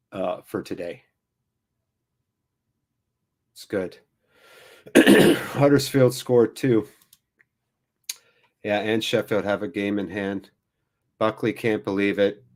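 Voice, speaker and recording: A man hosting a live football watchalong, giving wry, self-deprecating commentary on the match. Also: fairly low pitch. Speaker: watchalong host.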